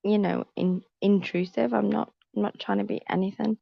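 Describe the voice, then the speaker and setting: A woman with a heavily gravelly, fry-laden voice, talking bluntly on a stream panel. Her sound comes through a dull, lo-fi online call with a dry, close feel. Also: mid-range voice, steady tone, moderate pace, no room sound. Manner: blunt, emphatic, repeats herself. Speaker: panel guest on a live stream. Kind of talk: casual chat, storytelling.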